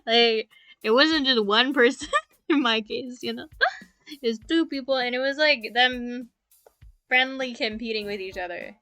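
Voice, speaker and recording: Giggly young woman with a bright voice. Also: fairly high pitch, measured pace, faint music behind. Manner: giggly, laughs often between sentences. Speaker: streamer. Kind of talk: casual chat. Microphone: mic very close to the mouth.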